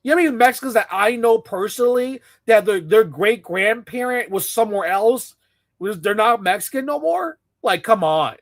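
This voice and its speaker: A man's voice: high-pitched, lively intonation, normal speed, gravelly, dry recording. A man giving a profane, scornful rant as a commentator reacting to a clip.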